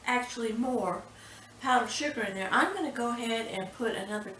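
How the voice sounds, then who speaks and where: A woman, chatty and unhurried, leading a casual home cooking tutorial in her kitchen. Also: on the high side, fairly bright tone, distant mic, slight background noise. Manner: chatty, unhurried, says "y'all". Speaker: home cooking show host. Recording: echoey kitchen, mic set back.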